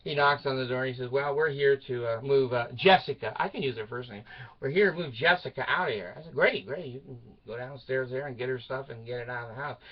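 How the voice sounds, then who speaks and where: An older man telling a rambling personal story to his channel, laughing at his own jokes and swinging between loud outbursts and mutters. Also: mid-range voice, fairly quick, lo-fi sound. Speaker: video channel host.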